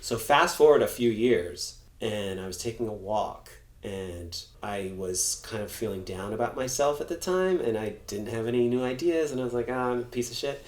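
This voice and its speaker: A middle-aged man from Massachusetts with a faint local accent, a comedian guest telling stories in a lively way and acting out what people said. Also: lowish voice, normal speed, few pauses. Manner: animated storyteller, acts out quotes. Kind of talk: casual chat. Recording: roomy echo.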